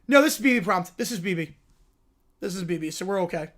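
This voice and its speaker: A male livestream host with a fairly high-pitched speaking voice. He talks in quiet, dry asides and casual commentary, sometimes rattling off his thoughts fast. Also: expressive. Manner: dry, low-key asides.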